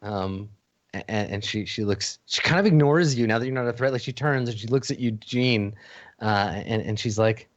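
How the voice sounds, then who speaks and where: A man's voice: on the low side, normal speed, no echo, muffled recording. A man narrating as game master of a tabletop game, casual and profane, with frequent restarts.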